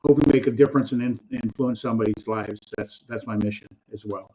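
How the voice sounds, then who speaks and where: A man's voice: lowish voice, steady tone, quick pace, muffled recording, background noise. An older man co-hosting a casual talk show, speaking in an earnest, heartfelt way. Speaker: co-host.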